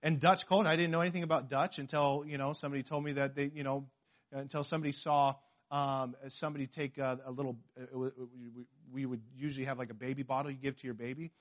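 Talking fast at a medium pitch, this western US pastor gives an animated, conversational sermon. He performs the quotes he cites and frequently starts sentences over.

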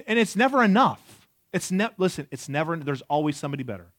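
A man's voice: high voice, animated, normal speed, no echo, studio quality. A man in his forties preaching a sermon in a conversational way, asking the audience questions and joking. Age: 40s. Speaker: pastor.

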